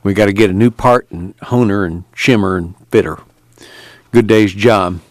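A man voicing a steady young man who talks calmly and practically. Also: on the low side, normal speed, no room sound, close to an everyday voice. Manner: calm, easy, dry humor.

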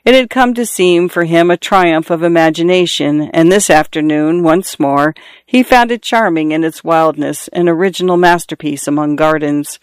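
A man reading a novel aloud as narrator, in a measured, even storytelling manner. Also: a little high, smooth, no echo. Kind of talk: scripted audiobook narration.

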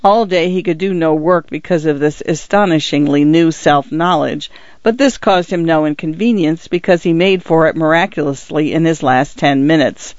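A man reads a story in a measured, steady way. His voice sits a little high. The recording is dry and slightly dull. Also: no echo. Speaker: narrator. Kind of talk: scripted audiobook narration. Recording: dry, somewhat muffled recording.

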